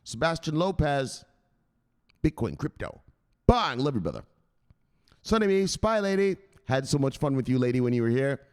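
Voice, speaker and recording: A man hosts a casual crypto livestream, greeting his chat by name and joking with loose, profane humor. His voice is lively and bounces up and down. He sits at a medium pitch for a man. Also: normal speed, long pauses, clear, resonant tone. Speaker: crypto news livestream host.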